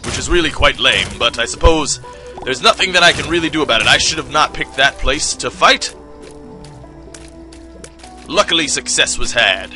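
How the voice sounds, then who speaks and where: A man's voice: mid-range voice, normal speed, long pauses, sharp tone, soft background music. A young man giving casual, wry, self-deprecating commentary over his gameplay. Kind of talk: casual let's play commentary.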